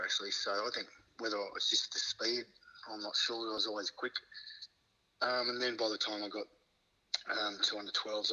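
A middle-aged man with an Australian accent, a guest telling lively anecdotes in a casual chat, laughing often and swearing casually. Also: on the low side, rough recording. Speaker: guest, former rugby league player.

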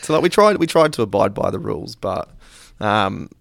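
A man's voice: on the low side, big pitch swings, normal speed, creaky. An Australian man, a visiting police officer, talking loosely with lots of fillers in an interview. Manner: loose, rambling, heavy fillers. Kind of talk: casual interview.

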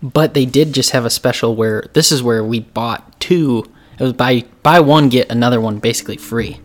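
A man's voice: mid-range voice, moderate pace. A man hosting a podcast from a loft converted into a studio, chatting casually and laughing easily with his co-host. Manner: laughs easily, relaxed banter. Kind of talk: casual chat.

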